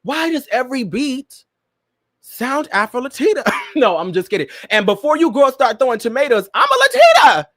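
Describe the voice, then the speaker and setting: A young man with a high, lively voice that swings widely as he riffs through pop-culture commentary. He hosts in a dramatic, playful way, breaking into laughter often. The recording is close and dry. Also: normal speed, no room sound. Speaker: podcast host.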